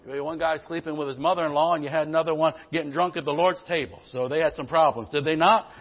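Emphatic preacher calling out "Amen?". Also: male voice, fairly even intonation, a little fast, dull audio. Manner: emphatic, calls out "Amen?" to the congregation; swings between loud bursts and quiet low passages. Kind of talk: sermon.

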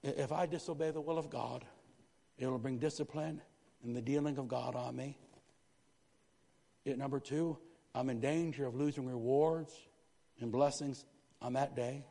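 A man preaching a sermon in a church, lively, with frequent asides to the congregation. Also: mid-range voice, normal speed, vocal fry, long pauses. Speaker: pastor. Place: church sanctuary. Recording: long hall reverb.

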